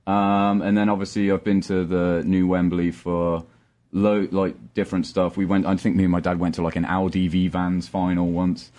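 A man's voice: low voice, flat delivery, normal speed, dark tone. A man in a casual chat, hesitant with many fillers.

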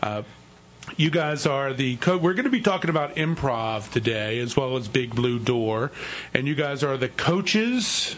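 A man hosting a casual radio talk show, halting and stumbling over his words while joking with his guests. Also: mid-range voice, lively intonation, fairly bright tone, a little hiss or hum. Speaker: radio host.

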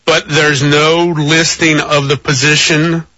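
Bright rambling male radio host. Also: fairly high pitch, flat delivery, takes it slowly, highs cut off, a little hiss or hum. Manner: rambling, wry asides. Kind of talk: call-in radio talk.

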